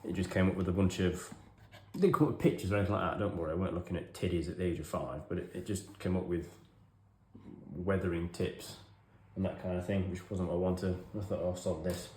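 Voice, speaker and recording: Deep-voiced wry English man. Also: fast, darkish tone, echoey room. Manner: self-deprecating, wry, chatty. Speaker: hobby vlogger. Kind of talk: rambling casual storytelling. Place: home hobby room.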